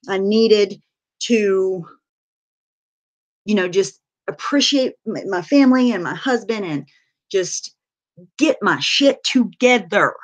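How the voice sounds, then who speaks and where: Blunt, candid woman livestreaming. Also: medium pitch. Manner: candid and blunt, swears freely, lots of fillers. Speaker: livestreamer sharing her recovery story. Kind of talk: casual livestream talk answering chat.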